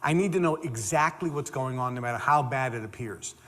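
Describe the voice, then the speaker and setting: A man giving a motivational talk, emphatic and animated, repeating phrases for stress. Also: medium pitch, fairly quick, in a large hall. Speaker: motivational speaker.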